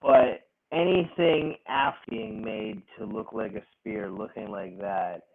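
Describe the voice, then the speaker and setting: Podcast co-host, male, gravelly and husky, slow and profane, tinny phone-line audio. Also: on the low side. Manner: profane, animated, laughing rants. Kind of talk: casual wrestling chat.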